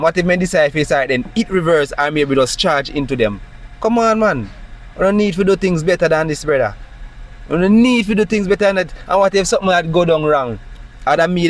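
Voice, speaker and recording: A man with a Jamaican accent, speaking in an agitated, emphatic monologue full of rhetorical questions. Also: on the high side. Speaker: citizen recounting a police stop. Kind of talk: impassioned monologue.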